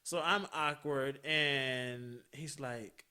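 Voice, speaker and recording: A male podcast host tells a personal story in a loose, chatty monologue. His voice has a very bright, sharp edge, and he takes his time, drawing out words. He swears freely and laughs along as he talks. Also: medium pitch, fairly even intonation, slow pace, few pauses, smooth.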